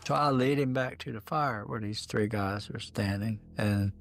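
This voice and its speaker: A man's voice: fairly low pitch, moderate pace, creaky. An older man recounting a personal experience in a documentary clip, acting out the dialogue he remembers. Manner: plain storytelling, acting out quoted dialogue.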